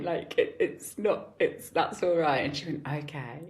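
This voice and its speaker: A guest actor in her forties relates stories in easygoing conversation at a measured pace, her voice low. She's an animated storyteller and laughs often.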